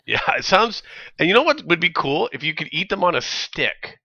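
Bright, gravelly Canadian man streaming. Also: a little high, big pitch swings, no echo, lo-fi sound. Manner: rambling, jokey, quick to laugh. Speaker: game streamer. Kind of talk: casual gameplay chat.

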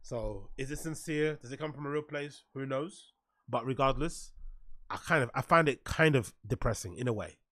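Sarcastic and mocking, this streamer comments on podcast clips while swearing a lot and reading and answering his chat out loud. He has a medium-pitched, pushed, bright voice at normal speed, recorded in studio quality with no echo.

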